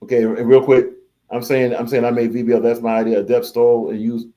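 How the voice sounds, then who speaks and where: Now talking fast in a flat delivery, the same medium-pitched, mellow host reads viewers' comments aloud on his relaxed reaction livestream, echoing his own phrases along the way.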